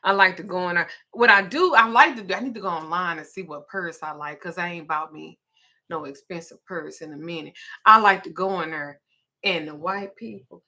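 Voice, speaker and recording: A woman's voice: fairly low pitch, pushed and bright. A grandmother talking casually, blunt and profane, laughing as she tells stories. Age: older. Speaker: host. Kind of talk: casual chat.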